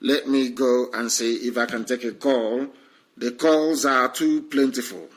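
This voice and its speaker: A man's voice: mid-range voice, fairly even intonation, a little slow, poor audio. A man hosting a live call-in stream, fervent and repetitive, often talking over his callers. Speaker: live stream host taking calls. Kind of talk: call-in talk show.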